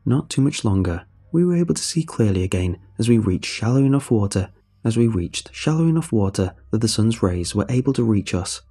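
Brief: man reading horror fiction, grave and measured, husky dark tone. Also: lowish voice, animated. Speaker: horror story narrator. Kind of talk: scripted horror narration.

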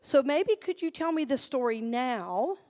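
Female minister, middle-aged, high voice, sermon with call-and-response, conversational and warm in tone of address. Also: expressive, measured pace. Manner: call-and-response, asks the congregation to repeat phrases; conversational storytelling, drops soft and low for personal anecdotes.

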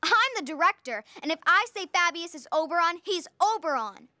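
A woman's voice: extremely high pitch, expressive, normal speed, bright, forceful tone, a little hiss or hum, full character voice. An earnest teenage girl director. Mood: firm. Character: teenage witch girl directing a school play. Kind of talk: cartoon voice acting.

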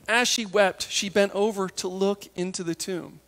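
A woman preaching a sermon in a lively, conversational way, acting out the people in the story in quick asides. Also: medium pitch, in a large hall.

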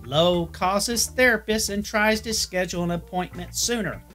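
A man's voice: sits high, moderate pace, fairly bright tone, faint music behind. A man narrating an opinionated film review in a blunt manner.

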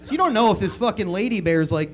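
A man doing crude, animated stand-up comedy on a club stage, acting out bits as he goes. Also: high voice, quick pace. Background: audience laughter.

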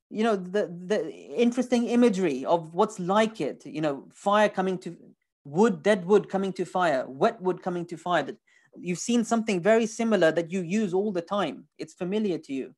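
Animated, emphatic man lecturing. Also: sits high, normal speed. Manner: animated, emphatic, rhetorical questions; repeats words for emphasis. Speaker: lecturer on scripture. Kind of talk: recorded lecture.

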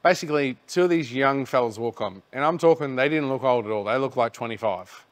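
Chatting casually on his podcast, an Australian man rambles through an easygoing story and cusses without restraint, speaking briskly at a medium pitch.

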